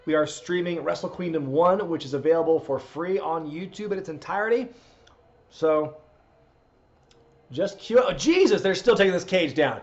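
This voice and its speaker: A man's voice: high voice, moderate pace, dull audio. A man hosting a live wrestling watch-along stream, chatting casually, laughing, and reading out viewer requests. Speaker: streamer host.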